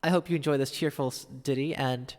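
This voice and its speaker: A man's voice: medium pitch, steady tone, quick pace, darkish tone, in a large hall. A man live-streaming a piano session, chatting casually between songs, reading out viewer chat and thanking viewers.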